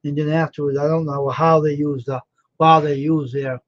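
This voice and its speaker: A man hosting a casual livestream, tired and yawning but sure of himself. His voice sits a little high, and he rambles as he talks to viewers by name. The audio is dull and lo-fi. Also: flat delivery, normal speed. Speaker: livestream host, screen printer.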